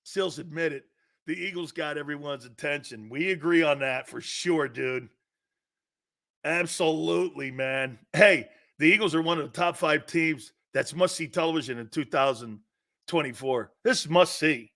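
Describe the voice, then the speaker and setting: A man with an East Coast American accent hosting a sports talk show, ranting loudly with profanity and frequent shouting. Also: a little high, moderate pace, gravelly. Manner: loud, profane, often shouting.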